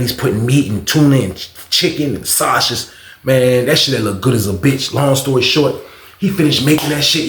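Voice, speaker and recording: Animated, profane man telling a story. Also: mid-range voice, creaky. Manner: animated, profane, full of repeated fillers. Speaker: storytime host. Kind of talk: casual storytelling. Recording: roomy echo.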